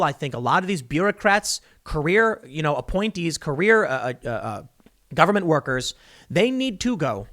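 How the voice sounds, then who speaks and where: A man's voice: fairly high pitch, a bit bright. A man hosting solo political commentary, reading news clippings aloud and reacting with emphatic, sarcastic remarks.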